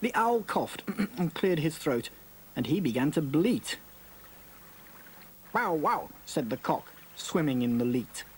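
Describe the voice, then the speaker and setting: A woman presenting a children's show, speaking slowly and playfully to young children and reading rhymes aloud. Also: sits low, expressive, slightly rough. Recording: loud music behind the voice.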